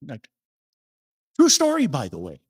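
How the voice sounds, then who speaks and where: An older man preaches to his congregation in a relaxed, folksy way, telling stories from his own life. His voice sits a little high and swings widely up and down as he asks the room questions. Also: measured pace, breathy edge. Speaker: minister. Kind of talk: sermon. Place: church sanctuary.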